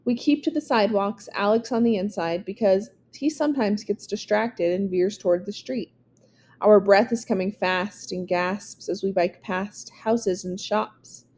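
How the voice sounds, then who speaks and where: A woman reading a verse novel aloud in a measured, expressive way. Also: medium pitch, slight background noise. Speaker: reader.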